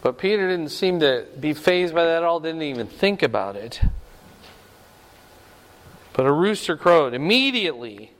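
A man's voice: fairly high pitch, big pitch swings, normal speed, long pauses, a bit bright. An older man preaching a sermon in a folksy, conversational way, telling stories and asking his congregation questions. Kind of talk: sermon with storytelling. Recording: long hall reverb.

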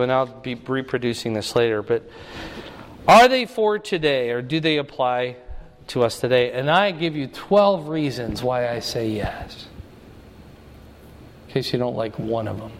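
A man's voice: medium pitch, a little hiss or hum. A man preaching a sermon, teaching in a conversational way and often checking in with the audience. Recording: long reverb of a hall.

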